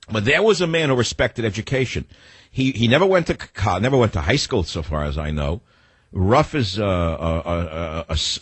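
A man's voice: lowish voice, slightly rough, dry recording. A man in his sixties hosting a radio talk show, rambling through combative, digressive stories and opinions.

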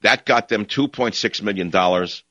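A man's voice: fairly low pitch, normal speed, fairly bright tone, dry recording. A man hosting a talk radio show, delivering an opinionated monologue with a sarcastic, combative edge, heard over muffled lo-fi broadcast audio.

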